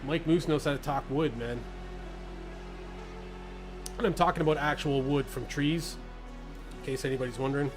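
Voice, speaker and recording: Male streamer, fairly high voice, jokey live commentary over music. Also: fairly even intonation, moderate pace, pauses often. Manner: joking, laughing, chatty with viewers. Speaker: sim racing streamer. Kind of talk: casual live-stream chat while racing.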